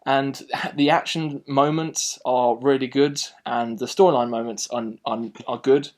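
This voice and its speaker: A man hosting a casual film review, speaking at an ordinary mid pitch. He rambles in an animated way, restarting sentences often as he chats through his opinions. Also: normal speed.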